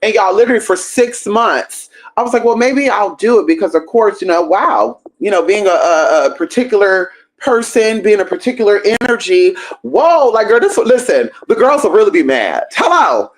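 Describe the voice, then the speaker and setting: A woman hosting a livestream, telling a story in a sassy, profane, animated way. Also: mid-range voice, moderate pace, hardly any pauses. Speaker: livestream host.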